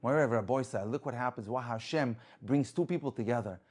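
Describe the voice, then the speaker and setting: A man telling an inspirational religious story with lively delivery, acting out the people in it. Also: mid-range voice, fast. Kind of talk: inspirational story told to an audience.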